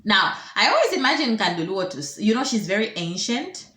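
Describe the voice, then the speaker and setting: A woman's voice: mid-range voice, big pitch swings, a little fast, sharp tone. A woman chatting in casual commentary, amused and laughing often. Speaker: vlogger. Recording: roomy echo.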